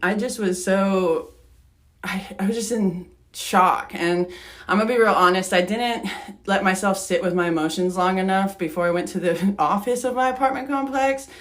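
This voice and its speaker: A young woman co-hosting a podcast opens up about a personal story, growing emotional and laughing her way through it. Her voice is medium in pitch and keeps a normal speed.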